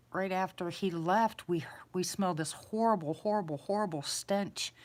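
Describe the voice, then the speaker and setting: A woman casually telling a personal story, rambling, repeating herself and chuckling. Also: sits low. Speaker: eyewitness storyteller.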